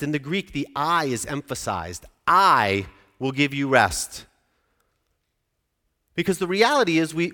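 A man's voice: medium pitch, a bit bright. A man in his forties preaching a sermon in a conversational way, often putting questions to the congregation. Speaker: pastor. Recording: reverberant church hall.

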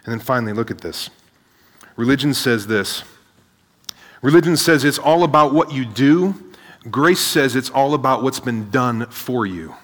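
A man preaching a sermon to a seated audience, energetic, asking rhetorical questions and often adding "right?". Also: medium pitch, a little slow. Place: large hall with a live audience. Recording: long hall reverb.

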